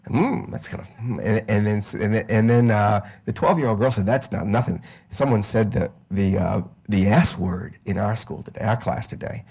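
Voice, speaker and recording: A middle-aged man telling a story to a live audience, halting with fillers and restarts, growing animated. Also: on the low side, vocal fry, slightly rough.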